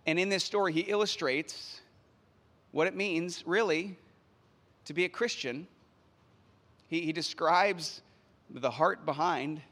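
A man preaching a sermon as pastor, retelling scripture in an animated, conversational way. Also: high-pitched. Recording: long hall reverb.

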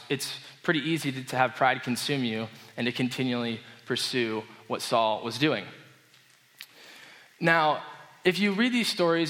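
A man preaching a casual, conversational sermon, explaining a story with relaxed enthusiasm. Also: medium pitch. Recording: long reverb of a hall.

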